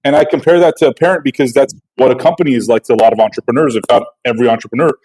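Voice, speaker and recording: A man hosting a podcast, asking probing questions in a loose, chatty way. His voice has a medium pitch. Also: racing, a little mellow, breathy edge, rough recording. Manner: conversational, questioning, filler-heavy. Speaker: podcast host. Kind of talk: podcast interview.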